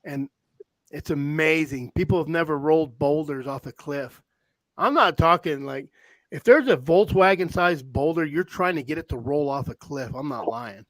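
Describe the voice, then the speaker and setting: Guy telling long rambling hunting stories, a bit high-pitched, super dry mic. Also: moderate pace, no room sound. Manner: rambling, animated storyteller with frequent restarts. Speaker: podcast host, hound hunter. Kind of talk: casual storytelling chat. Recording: dry close-mic sound.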